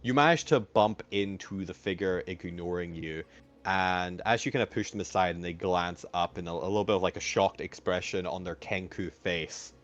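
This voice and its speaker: A man's voice: low-pitched, normal speed, muffled recording. A man narrating as game master of a tabletop game, rambling with many fillers and restarts.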